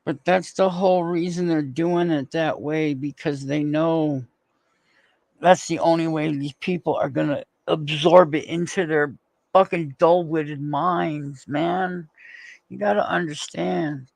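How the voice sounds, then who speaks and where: Gravelly man ranting to his chat. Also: on the high side, fairly even intonation, unhurried, a little mellow, no echo. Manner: swearing, rambling, talking to chat by name. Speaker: streamer reacting to news. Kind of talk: casual live-stream commentary to chat.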